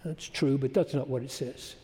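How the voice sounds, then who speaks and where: A man preaching a sermon, moving between quiet explanation and loud, soaring emphasis. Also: medium pitch, normal speed. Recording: long hall reverb.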